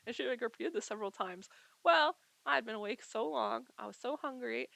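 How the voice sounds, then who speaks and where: Chatty woman with a gravelly edge. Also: a little high, brisk, fairly bright tone, dry recording. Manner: chatty, heavy use of filler words. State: sick, tired lungs. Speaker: vlogger. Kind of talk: casual storytelling. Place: at home.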